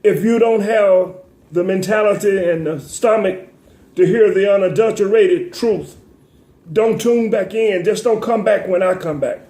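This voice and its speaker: A man's voice: high voice, measured pace, warm tone, roomy sound. A man hosting a talk show, speaking in an emotional, tearful commentary with a preacher-like cadence, stammering and repeating words as he sniffles.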